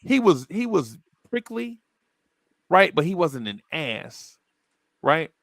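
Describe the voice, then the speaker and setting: A man's voice: a little high, slow, dry recording. A man hosting a casual sports podcast, telling stories and acting out the people in them. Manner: animated storyteller, acts out quotes. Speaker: podcast host.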